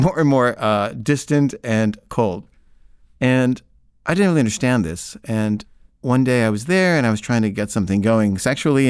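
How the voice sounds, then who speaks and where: A man's voice: medium pitch, a little mellow, clean tone, no room sound, studio quality. A man casually telling a personal story in the first person, rambling and conversational, with frequent filler words.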